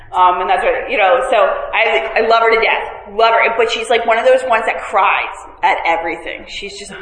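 Bright-voiced woman in an echoey hall. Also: medium pitch, moderate pace. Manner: self-mocking humor, frequent fillers and restarts. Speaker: recovery meeting speaker. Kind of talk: candid talk to a group. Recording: echoey hall, faint noise.

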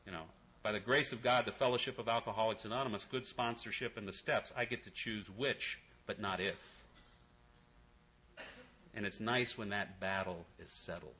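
A man speaking at a recovery meeting, wry and comic, then quiet and earnest. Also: on the low side, moderate pace, slight background noise, low-quality recording.

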